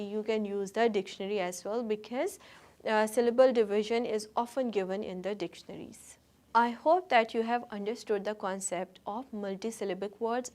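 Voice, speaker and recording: A woman teacher talks students through a recorded lesson. She is patient and instructive, and she often repeats a word slowly so learners can follow. Her voice sits at an ordinary middle pitch.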